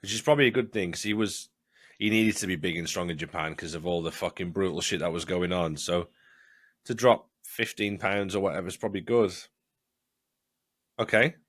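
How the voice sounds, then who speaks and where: Male co-host, low deep voice, dead-dry close mic, sweary casual chat. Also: fairly even intonation, brisk, no room sound. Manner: blunt, swears freely, stumbles and restarts. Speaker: podcast co-host. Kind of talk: casual watch-along chat.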